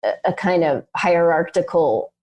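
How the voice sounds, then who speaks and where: A young adult woman, a podcast co-host, telling a personal story in an animated, emphatic way, with many "like"s and "um"s. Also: on the low side, a little slow. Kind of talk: personal storytelling in casual conversation.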